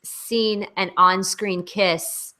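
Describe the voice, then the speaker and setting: Blunt, bright-voiced woman in a video chat. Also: medium pitch, steady tone, drawn-out words. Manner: blunt, emphatic critique. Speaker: co-host. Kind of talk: casual chat in an online hangout. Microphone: video call.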